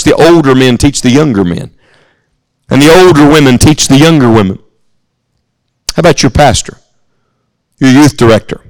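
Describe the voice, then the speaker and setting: A man's voice: fairly high pitch, dry recording, rough recording. Man, American accent, sermon, earnest storytelling, dry sound. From United States. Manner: earnest, storytelling, addresses listeners directly. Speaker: preacher. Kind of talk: sermon at a youth camp.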